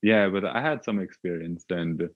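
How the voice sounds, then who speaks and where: Deep-voiced man, hesitant storytelling. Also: dry recording, narrow, tinny audio. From Sweden. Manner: hesitant, halting, with frequent filler sounds. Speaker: podcast guest. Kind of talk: reflective personal storytelling.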